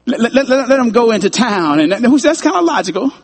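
A man's voice: extremely high pitch, very animated, fast. A man preaching a sermon in a conversational way, chuckling often and repeating his phrases.

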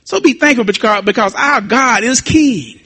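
A man preaching in a high, bright voice, building phrase by phrase and rising to shouts at the peaks. His cadence is the rhythmic repetition of a pastor working a congregation. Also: moderate pace, breathy edge. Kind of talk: sermon.

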